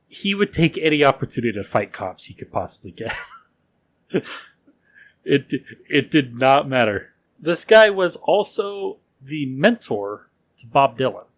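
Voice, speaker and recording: A man co-hosting a podcast, telling a history story in a casual way, laughing often and using loose fillers. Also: fairly high pitch. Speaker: podcast co-host.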